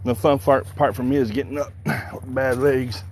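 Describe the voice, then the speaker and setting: A fishing streamer chats casually with his live-stream viewers from outdoors by the water, joking around and sounding a little out of breath. His mid-range voice is a little mellow, with fairly even intonation and normal speed, and outdoor noise runs in the background.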